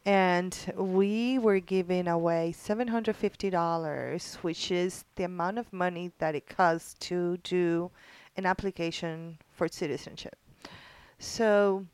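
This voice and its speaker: A middle-aged woman with a fairly low voice tells a story in an earnest, heartfelt way, pausing often with ums and restarting her sentences. The recording is dry, with no room sound. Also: darkish tone, clean tone, no echo. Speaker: organizer of a military spouse program. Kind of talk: casual conversational storytelling.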